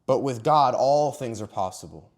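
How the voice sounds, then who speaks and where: With an animated, mid-range voice at a moderate pace, a young Christian vlogger gives an earnest motivational talk on faith to camera. His delivery is emphatic, stretching and stressing important words, and now and then he sounds emotional.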